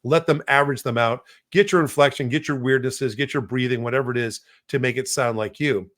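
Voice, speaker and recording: A man in the middle of his range talks his way through a demo. He drifts and fills gaps with lots of "uh"s, and the mood stays relaxed and conversational. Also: medium pitch, a little fast. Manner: rambling, many fillers. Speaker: podcast co-host. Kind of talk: casual demo chat.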